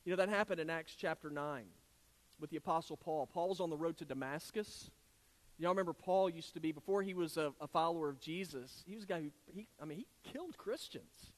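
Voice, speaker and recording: A man's voice: fairly high pitch, fairly quick. A male pastor, preaching an earnest, conversational sermon full of restarts and asides.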